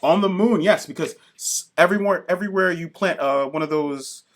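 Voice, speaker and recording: A man co-hosting a podcast, reviewing comics in excited, profane casual chat and acting out characters in quick bits. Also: fairly high pitch. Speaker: podcast co-host.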